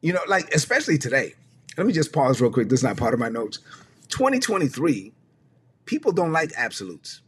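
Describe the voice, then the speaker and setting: A man's voice: mid-range voice, sing-song, a little fast, slight background noise. A man preaching a livestreamed teaching sermon, emphatic and conversational, repeating his key phrases.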